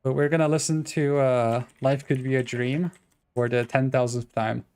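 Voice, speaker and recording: A man's voice: medium pitch, level tone, moderate pace, a little mellow. A man live-streaming a tactical shooter, chatting casually with viewers in a rambling, self-deprecating, joking way. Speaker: game streamer. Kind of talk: casual live-stream chat while gaming.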